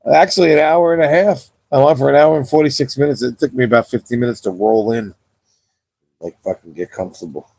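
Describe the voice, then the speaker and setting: A laid-back young man winds down his gaming livestream, rambling and swearing freely into a cheap wireless mic. His voice is gravelly and warm, a little husky, and the sound is dry and close with no room behind it. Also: medium pitch, fairly quick, no room sound. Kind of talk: casual livestream chat.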